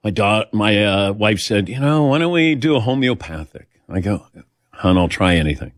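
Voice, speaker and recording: A man's voice: on the low side, expressive, normal speed, no echo, clean studio sound. An older man hosting a show, telling personal stories in a chatty, self-deprecating way and acting out the voices he quotes. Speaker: host. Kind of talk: casual storytelling chat.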